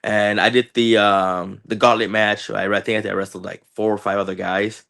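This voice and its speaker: Gravelly low-voiced man in his thirties. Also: normal speed. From Chicago area. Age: 30s. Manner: animated storyteller, acts out quotes, repeats words. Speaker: wrestler guest. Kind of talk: casual interview talk.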